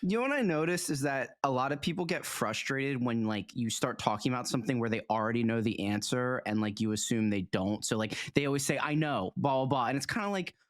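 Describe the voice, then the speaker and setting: A man's voice: mid-range voice, lively intonation, brisk, hardly any pauses, no echo, studio quality. A man from New Jersey co-hosting a casual podcast, laughing often and rambling with restarts. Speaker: podcast co-host.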